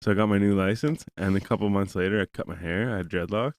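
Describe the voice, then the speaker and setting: A podcast host with a low voice talks fast, with no room sound on the recording. He rambles through a profane story in casual chat, voicing both sides of a conversation.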